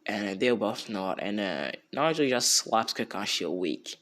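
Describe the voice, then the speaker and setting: A man's voice: lowish voice, expressive, moderate pace, a bit bright. A young man casually retelling a fan story off the cuff, rambling and slangy, with many fillers and restarts.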